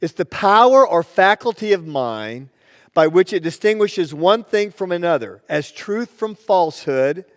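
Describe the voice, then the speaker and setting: A man preaching from the pulpit with a notably high voice. His sermon rings through a church sanctuary with a long reverb tail, and he moves easily into storytelling, acting out the people in his stories. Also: sing-song, unhurried. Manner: storytelling, plays the joke with voices. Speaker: pastor.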